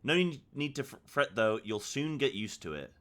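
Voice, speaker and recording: A man's voice: mid-range voice, big pitch swings, moderate pace, a bit bright. A man voicing a chatty male merchant on a ship, reading game dialogue aloud in his own voice. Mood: friendly.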